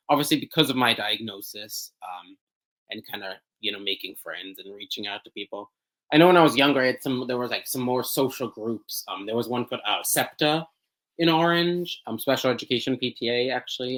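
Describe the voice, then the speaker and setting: A man's voice: medium pitch, fairly bright tone, rough recording. Hesitant young man, searching for words. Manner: hesitant, many ums and restarts, searching for words. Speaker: podcast guest. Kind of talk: casual interview conversation.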